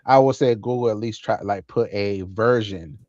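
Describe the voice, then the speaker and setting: A man's voice: on the low side, normal speed, darkish tone, dry recording. A man co-hosting a tech podcast in laid-back casual chat, swearing easily and laughing as he mimics others. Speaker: podcast co-host. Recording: dull, dry lo-fi audio.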